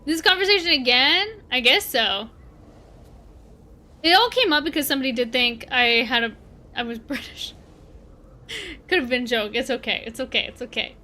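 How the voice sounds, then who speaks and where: A woman's voice: high-pitched, moderate pace, long pauses, sharp tone. A woman from Canada with a Canadian accent, chatting casually with her viewers while streaming a game and answering their messages. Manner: chatty, talks back to chat while playing. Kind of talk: casual livestream chat.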